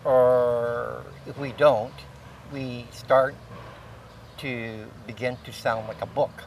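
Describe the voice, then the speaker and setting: A man teaching Chamorro pronunciation, explaining patiently with frequent pauses and fillers. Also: medium pitch, little pitch movement, creaky, far from the mic, a little hiss or hum, rough recording. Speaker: Chamorro language instructor. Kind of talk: conversational language lesson.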